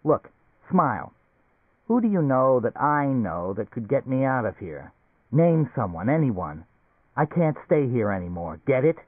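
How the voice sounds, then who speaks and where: A man's voice: mid-range voice, big pitch swings, a little slow, dry recording, voice pushed up. A man doing an irritable stranded businessman. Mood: urgent. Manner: gruff, irritable, urgent. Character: impatient, anxious stranded businessman. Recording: tinny phone-like recording.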